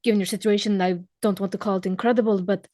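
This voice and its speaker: A woman voicing a young adventurer in her own voice, speaking softly and hesitantly with stammers. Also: medium pitch, steady tone, fast, no echo, natural voice. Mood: consoling. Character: gentle young adventurer comforting a stranger.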